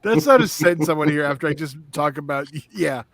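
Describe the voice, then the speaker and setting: A man co-hosting a horror podcast, talking casually with halting, trailing-off phrases. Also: a little high, vocal fry, a bit bright, dry recording. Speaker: podcast co-host.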